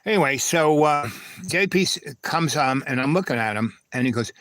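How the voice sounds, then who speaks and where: A man's voice: on the high side, lively intonation, normal speed, a bit bright, dry recording. A man hosting a live stream, telling a loose, digressive personal story, peppered with "right?" and "anyway".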